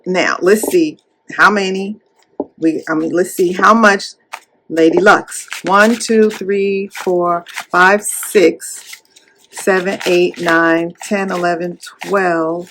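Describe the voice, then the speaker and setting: A woman chatting casually while counting cash at home, animated and playful as she retells a story. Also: medium pitch, slow pace, a little hiss or hum. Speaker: cash-stuffing YouTuber.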